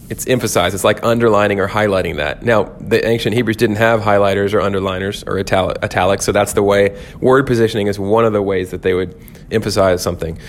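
A man with a fairly low voice teaches scripture on a podcast in an earnest, reflective way. He often stops partway through a sentence and starts it again. A faint low rumble sits under the recording. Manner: earnest, thoughtful, with frequent restarts and fillers. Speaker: podcast host, pastor.

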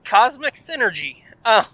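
A man co-hosting a podcast, chatting casually and retelling a story with animated quoted voices. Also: very high voice, unhurried, no room sound, low-quality recording. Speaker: podcast co-host. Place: in a moving car.

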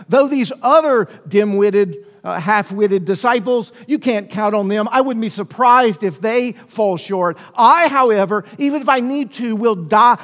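High-voiced man preaching in a hall. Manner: emphatic preaching, rhetorical questions, acts out quoted lines. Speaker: pastor. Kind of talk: sermon.

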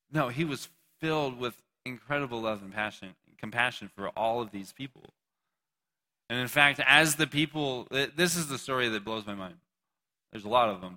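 This preacher's mid-range voice is bright and forceful as he gives a loose, humorous sermon before a live group, quizzing the audience and bantering back and forth with them.

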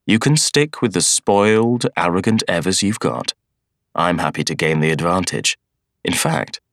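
A man voicing a cold, scheming young schoolmaster of Evil who speaks in a measured, persuasive way. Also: low voice, a bit bright, no room sound, clean studio sound. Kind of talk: audiobook character voice.

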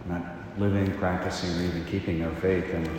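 A man, a priest, giving a casual homily in a halting, conversational way with many fillers. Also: sits low, flat delivery, very noisy. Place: large echoey church. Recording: distant mic in reverberant church.

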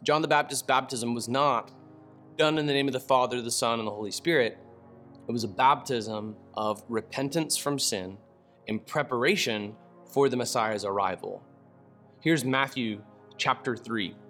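A man giving a casual Bible teaching, reading scripture aloud and breaking into slangy, animated asides with laughter. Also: mid-range voice, normal speed, faint music behind.

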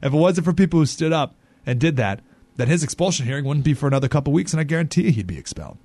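A man hosting a talk radio show, giving animated, indignant commentary and acting out the people he quotes. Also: fairly high pitch, rapid-fire, dry recording.

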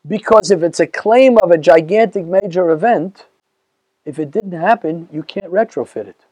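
A rabbi lectures to a live audience in a strikingly high voice. He talks in an animated, rhetorical way and keeps firing questions at his listeners. The sound is dry and close, with almost no room echo. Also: moderate pace.

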